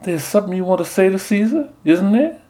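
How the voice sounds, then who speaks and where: A silky-sweet southern belle. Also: male voice, sits high, animated, brisk, warm tone, pitched above the performer's own voice. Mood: coy, sweet. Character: nun playing a flirty southern belle Portia.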